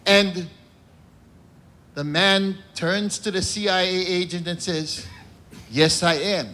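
A man with a high, bright voice works through his jokes in character as a churchman. He takes his time and lets each line land before he goes on. The delivery is a stand-up routine, built on pauses before each punchline. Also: fairly even intonation. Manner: slow, deliberate joke delivery with punchline pauses. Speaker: comedian in a cardinal persona. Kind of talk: stand-up joke telling.

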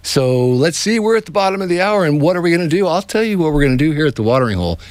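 A man hosting a radio show with upbeat, quick patter between segments. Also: a little high, sing-song, darkish tone, dry recording.

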